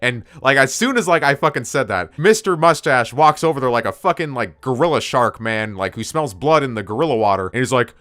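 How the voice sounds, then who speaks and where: A man's voice: mid-range voice, animated, a little fast, hardly any pauses, fairly bright tone, no room sound, clean studio sound. A young man casually telling a story from his school days, rambling off on tangents and cursing freely. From United States. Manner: rambling, digressive, swears a lot.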